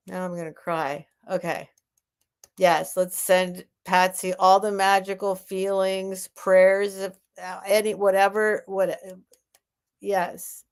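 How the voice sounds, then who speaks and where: A woman hosting a live online sale at home, chatting casually and rambling with soft laughs. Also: medium pitch. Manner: rambling and warm-hearted, with frequent soft laughs. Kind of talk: casual live-stream chat.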